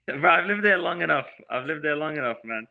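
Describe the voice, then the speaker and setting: A man's voice: a little high, animated, fairly quick, creaky, phone-quality sound. A young man, a fighter, answering questions in a casual video-call interview, speaking emphatically and often calling the host bro. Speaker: MMA fighter.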